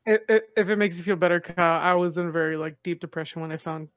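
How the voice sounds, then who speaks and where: A podcast co-host speaking softly and sincerely. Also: mid-range voice, quick pace, smooth, no echo, clean studio sound. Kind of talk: casual podcast chat.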